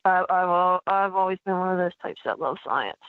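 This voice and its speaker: A woman's voice: fairly low pitch, dry recording. Paranormal investigator lady calling in, chatty, trips over her words, tinny phone line. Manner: halting, many restarts, chatty. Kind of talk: guest on a call-in radio show. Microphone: telephone.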